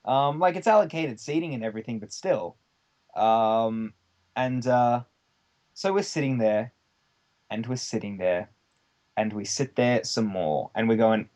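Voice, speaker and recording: A man's voice: mid-range voice, animated, unhurried, long pauses, a little mellow. A man who is a guest on a podcast, telling a rambling anecdote in casual chat, with lots of fillers and the odd swear word.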